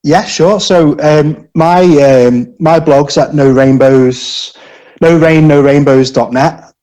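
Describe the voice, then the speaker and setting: A man's voice: on the high side, slow pace, dark tone, low-quality recording. A man in his forties from Britain, a podcast guest chatting casually, hesitant with many fillers and restarts. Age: 40s. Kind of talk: casual interview chat.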